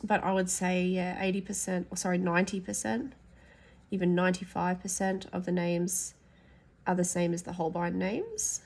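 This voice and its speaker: With hay fever making her voice stuffy and nasal, an adult colouring YouTuber swatches pencils for a casual vlog, chatting frankly and thinking aloud. Her pitch is fairly low and her intonation fairly even, with a normal speed, some vocal fry, and a slightly mellow quality.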